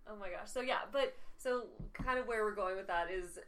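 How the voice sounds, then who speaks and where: A woman's voice: mid-range voice, normal speed, fairly bright tone, a little hiss or hum. A woman hosting a casual conversation, steering it with questions. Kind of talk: casual interview chat.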